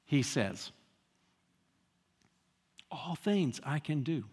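High-voiced preacher, slow and emphatic. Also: male voice, lively intonation, in a large hall. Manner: emphatic, with rhetorical questions and repetition. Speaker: pastor. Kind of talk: sermon.

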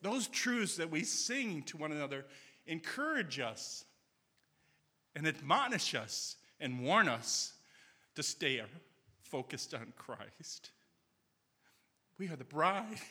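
Bright-voiced preacher in a reverberant sanctuary. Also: male voice, a little high, sing-song, slow pace, pauses often, slightly rough. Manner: earnest, storytelling with quoted dialogue. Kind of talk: sermon. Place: church sanctuary.

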